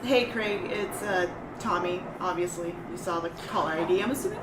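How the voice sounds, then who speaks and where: A woman's voice: lowish voice, fairly quick, recorded from a distance, noisy background. A woman playing a pack leader in a tabletop role-playing game, earnest and a little flustered. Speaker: player character, pack leader. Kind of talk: tabletop role-play chat. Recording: roomy room sound.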